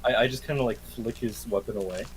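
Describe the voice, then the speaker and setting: A man's voice: fairly low pitch, quick pace, a crowd in the background, low-quality recording. A man playing in a tabletop game, casual and joking. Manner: playful, joking. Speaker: player.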